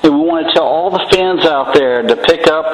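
A man's voice: on the high side, a little fast, reverberant, poor audio. A man hosting a radio interview, chatting casually with plenty of fillers. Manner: easygoing, rambling with fillers. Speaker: radio show host.

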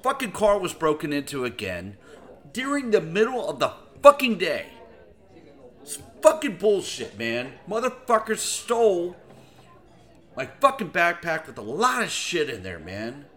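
Brief: angry male host, loud and swearing, bright forceful voice, swings widely in pitch. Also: wildly swooping pitch, unhurried. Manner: furious, heavy swearing, repeats himself. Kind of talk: profane angry rant.

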